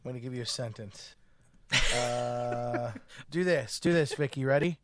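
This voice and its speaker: A man's voice: medium pitch, a little slow, noisy background. A man co-hosting a podcast in goofy, playful casual chat, swearing freely. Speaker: podcast co-host.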